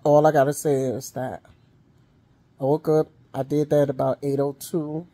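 Warm and low, her level-toned voice keeps a normal speed. The middle-aged vlogger spins a casual, chatty story, coughing and wheezing between lines while calling her audience honey and y'all.

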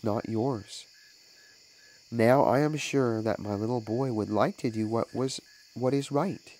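Storybook mother, read by a man: gentle, earnest, firm, unhurried. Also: medium pitch, slight background noise, natural voice, low-quality recording.

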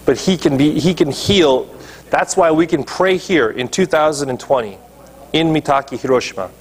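Male pastor mid-sermon, emphatic, keeps checking in with the congregation; husky tone. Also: a little high, moderate pace. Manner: emphatic preaching, checks in with listeners. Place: church.

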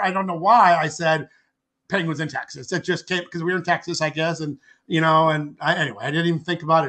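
An older man, a podcast guest, telling a personal story in a rambling way, restarting and repeating words and acting out the quoted speech. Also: sits high. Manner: acts out quoted speech with lively voices. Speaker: podcast guest, author and artist.

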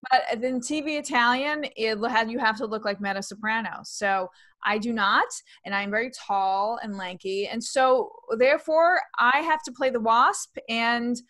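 A comedian woman from New York, her old accent mostly trained away, talks about her work in a relaxed interview. She speaks in an animated, chatty way, laughs easily and often starts her sentences over. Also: fairly high pitch, moderate pace. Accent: slight New York, mostly trained out. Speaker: comedian and actress guest. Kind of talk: casual interview conversation.

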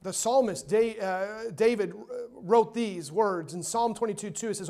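A man preaching a sermon in a church, emphatic, swinging between loud and hushed and repeating words to stress his points. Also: sits high, unhurried, hardly any pauses. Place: church sanctuary.

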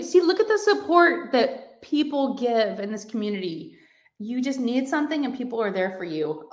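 A woman hosting a casual crafting livestream from home, reading comments aloud in a gushing, excitable way. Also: a little high, a little fast. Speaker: livestream host of a crafting channel.

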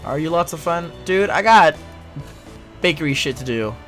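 A man's voice: on the high side, expressive, moderate pace, a bit bright, faint music behind. A young man giving let's play commentary, sarcastic, exasperated and full of swearing. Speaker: gameplay commentator.

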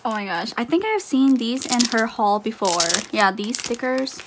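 A woman's voice: fairly high pitch, lively intonation, moderate pace, few pauses, noisy background. A woman talking casually while unboxing a haul for her channel, gushing with exclamations and fillers. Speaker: YouTuber unboxing a photocard haul.

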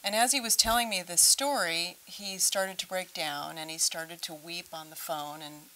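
A woman's voice: lowish voice, normal speed, pushed and bright, rough recording. A woman from a senior services organization, telling an earnest story as a guest in a TV interview. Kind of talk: TV interview talk.

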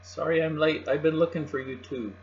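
A man's voice: measured pace, natural voice. Man voicing a cheerful mermaid girl. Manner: high, bright calling voice. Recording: dull lo-fi with mains hum.

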